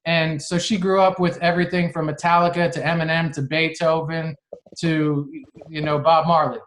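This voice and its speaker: A middle-aged man co-hosting a podcast in casual chat, rambling and animated, acting out conversations as he tells stories. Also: a little high, moderate pace, a little hiss or hum. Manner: animated storyteller, acts out dialogue in voices; rambling, frequent restarts. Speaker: podcast co-host.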